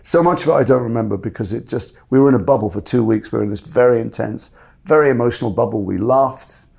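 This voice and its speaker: Fast-talking gravelly man, candid stories. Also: medium pitch. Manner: fast, animated, self-interrupting. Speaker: actor guest. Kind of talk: candid conversational storytelling.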